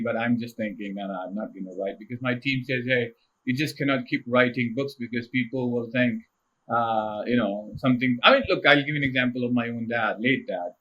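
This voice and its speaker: A middle-aged man from India, a podcast guest telling casual stories in an animated way and laughing often. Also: medium pitch, dull audio. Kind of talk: casual storytelling interview.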